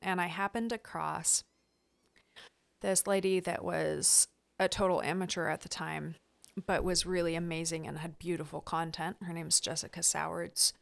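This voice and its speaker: A woman's voice: lowish voice, fairly even intonation, normal speed, gravelly. A woman speaking as a guest on a gardening podcast, talking in a chatty, enthusiastic way with fillers and restarts. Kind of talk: casual podcast chat.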